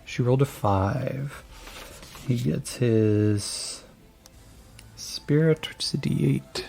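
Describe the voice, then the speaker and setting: A man's voice: medium pitch, takes it slowly, vocal fry, darkish tone, soft background music. A man narrating as game master of a tabletop game, laid-back and rambling with lots of fillers.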